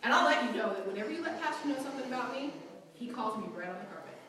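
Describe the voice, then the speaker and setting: A woman teaching a church Bible class, animated and often acting out quotes with a laugh. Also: a little high, rapid-fire, noisy background. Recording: very echoey room, mic far off.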